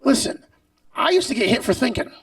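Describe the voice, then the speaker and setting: A man doing a stand-up comedy set on stage, brash and profane, shouting his punchlines and laughing at his own jokes. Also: very high-pitched, sing-song, a little fast, no room sound, distant mic. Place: comedy stage before a live audience.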